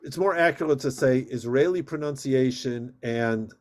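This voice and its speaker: A rabbi teaching a Hebrew reading class on a video call, patient and steady, drawing out vowel sounds in drills. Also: male voice, medium pitch, normal speed, a little hiss or hum.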